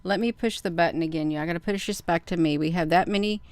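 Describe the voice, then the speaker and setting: A middle-aged woman hosting a video, chatting casually to viewers, counting out loud and getting excited. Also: fairly low pitch, fast, no echo. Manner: counts aloud, talks straight to viewers. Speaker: video host. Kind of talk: casual screen-share commentary.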